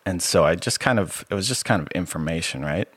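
A man with a soothing voice, sharing his personal story as a podcast guest in a relaxed, rambling way with many fillers. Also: low-pitched, a little fast, husky, no echo. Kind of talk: casual personal testimony.

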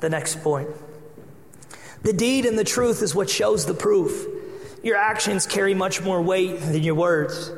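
A man preaching a sermon as pastor, telling a personal story with lively acted-out dialogue. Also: high voice, a little slow. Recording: echoey hall with long reverb.

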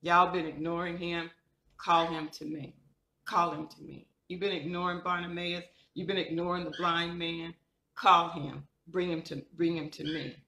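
A woman speaking as a calm male teacher giving firm orders in a low voice. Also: moderate pace. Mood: commanding. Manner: firm, repeated commands. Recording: echoey room.

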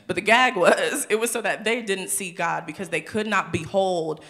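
A speaker in a relaxed Bible discussion who reads verses aloud and then riffs on them. The tone is playful, with little imagined scenes acted out along the way. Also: medium pitch, normal speed. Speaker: co-host of a church discussion show. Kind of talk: casual Bible study discussion and scripture reading.

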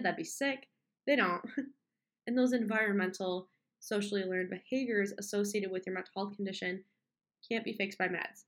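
A young woman holding a casual solo chat in a voice of middling pitch. She rambles, breaks off mid-sentence and restarts, and keeps the tone candid and conversational. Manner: candid, rambling, with frequent fillers and self-interruptions; mocks complainers with whiny put-on voices. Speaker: podcast host.

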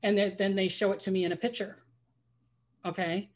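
A woman's voice: mid-range voice, steady tone, fairly quick. A woman psychic medium telling stories in a casual interview, rambling with many restarts. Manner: rambling, restarts often, acts out quoted voices.

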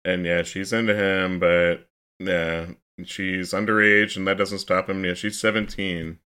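A man's voice: sits low, little pitch movement, unhurried, sharp tone, clear, resonant tone. A man on a casual movie podcast, steadily recapping the plot scene by scene with easy fillers. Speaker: podcast co-host.

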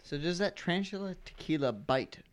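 A man's voice: on the high side, animated, brisk, a little hiss or hum. A young man in casual chat among friends over a party game, playful and laughing often. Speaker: game player.

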